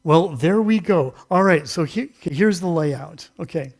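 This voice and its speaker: A man's voice: fairly high pitch, animated, unhurried. A male pastor giving a casual, interactive sermon in a church, chatty and self-deprecating, acting out a Bible story with volunteers. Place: church sanctuary.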